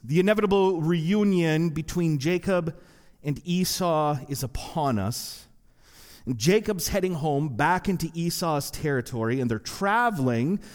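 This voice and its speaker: Male pastor, animated sermon storyteller, slightly high voice, big reverberant hall. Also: unhurried. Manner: animated retelling with acted quotes and asides.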